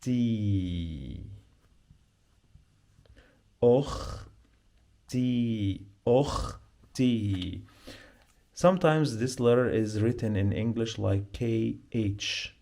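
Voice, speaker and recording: Man, Arabic accent, language teacher, slow and repetitive, warm mellow tone. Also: on the low side. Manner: slow, repetitive, drills pronunciation. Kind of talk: beginner language lesson.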